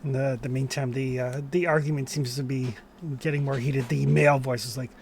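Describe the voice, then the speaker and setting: A man running a tabletop game as game master, narrating in a calm, measured way with small hesitations. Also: mid-range voice, a little hiss or hum.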